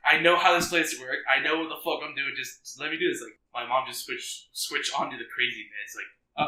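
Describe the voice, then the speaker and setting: A man in his twenties hosting a casual podcast chat, animated and swearing, acting out the people he quotes. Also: mid-range voice, a little fast, hardly any pauses, echoey room, poor audio. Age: 20s. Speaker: podcast host.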